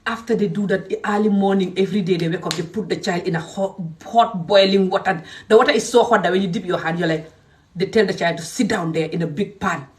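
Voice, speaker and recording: A woman from Gambia delivers a heated direct-to-camera rant. She is emphatic and fiery, jumping between loud outbursts and low, muttered asides. Her voice sits a little away from the mic. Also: fast talker, recorded from a distance. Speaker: social media creator.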